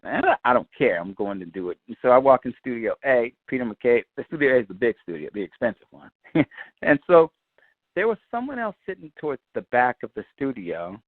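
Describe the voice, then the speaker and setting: A man, a guitarist, telling an animated, profane story and acting out the other people's voices. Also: medium pitch, fairly quick, no echo, phone-quality sound. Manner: lively, swears freely, acts out quoted voices.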